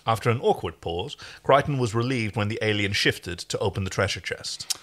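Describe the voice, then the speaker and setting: Man, podcast co-host, casual fanfic reading, animated, lively pitch, bright tone. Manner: animated, quick, joking.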